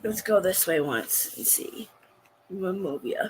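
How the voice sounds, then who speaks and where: Slow-talking indignant woman streamer. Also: on the low side, expressive, husky. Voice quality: blunt and profane, with frequent swearing. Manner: indignant, venting to her chat. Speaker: livestream host. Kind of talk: casual livestream reaction to a court broadcast.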